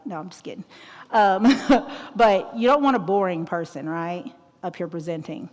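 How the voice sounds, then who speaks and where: Thirties woman, low-ish voice, funny guest speaker at a school assembly, long echoing hall. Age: 30s. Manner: outgoing, joking, keeps asking "right?". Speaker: guest presenter. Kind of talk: school talk on mental health. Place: large auditorium. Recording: long echo of an auditorium.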